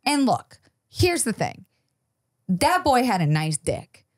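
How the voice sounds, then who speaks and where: A woman telling a personal story as a podcast guest in casual chat, animated and swearing freely. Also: fairly high pitch, slow pace, no room sound, studio quality.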